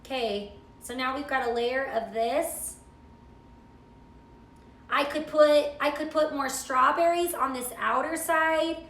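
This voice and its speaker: A middle-aged woman chats her way through a live cooking stream, gushing and answering viewer comments. Her voice sits high and bright, with a gravelly edge of fry. The sound is roomy and echoey. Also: slow pace, long pauses. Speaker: cooking show host.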